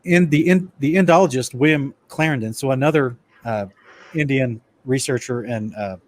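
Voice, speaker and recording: A casual, lecture-style Bible study is given by a man speaking at normal speed with a medium-pitched voice. He refers to his listeners as "guys" and now and then stumbles and restarts while reading passages.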